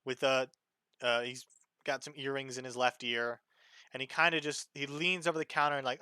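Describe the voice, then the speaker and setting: A man's voice: mid-range voice, fairly even intonation, moderate pace, bright, forceful tone, clear, resonant tone, dry recording. A man narrating as dungeon master in a casual tabletop game session, describing scenes with loose fillers.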